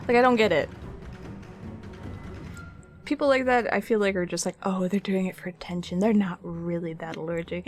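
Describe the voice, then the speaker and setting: A woman with a fairly high voice chats with her stream viewers while she paints. Her talk is casual and a little sassy. Soft music plays faintly behind her. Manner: chatty, sassy, talks to chat. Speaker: art streamer.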